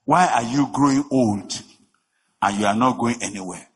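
A man preaching a sermon, emphatic, with rhetorical questions, swinging between shouting and a low voice. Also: normal speed, husky. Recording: long reverb of a large hall.

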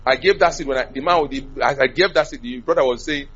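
A man preaching a sermon, animated, swinging from loud to soft. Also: medium pitch, fast, slightly rough, dull audio.

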